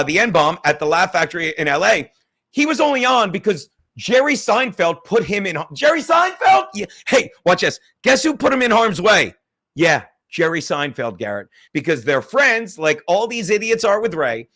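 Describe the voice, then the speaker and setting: A high-pitched man with a bright, cutting voice, ranting on a livestream. He swears freely and fires back at viewer chats in a combative monologue. Middle-aged, quick to needle his audience. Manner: profane, combative, reading viewer chats aloud. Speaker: livestream host.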